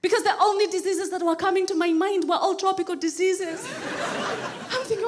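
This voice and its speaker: A woman from Kenya performing a stand-up comedy set on a club stage, animated and acting out other people's voices. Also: very high voice, fairly quick. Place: comedy club stage before a laughing audience. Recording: live club recording with audience laughter and noise.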